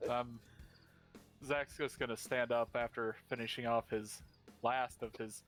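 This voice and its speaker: A man's voice: mid-range voice, steady tone, unhurried, a bit bright, soft background music. A man playing a tabletop game, speaking in character in an easygoing, hesitant way. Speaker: player.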